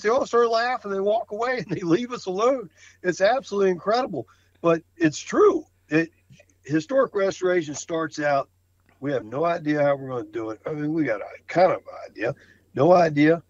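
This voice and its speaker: A man's voice: high-pitched, animated, a little fast, no echo, highs cut off. A man talking about his flooring work on a podcast, enthusiastic and full of stammered restarts. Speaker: flooring contractor guest. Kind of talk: casual podcast conversation.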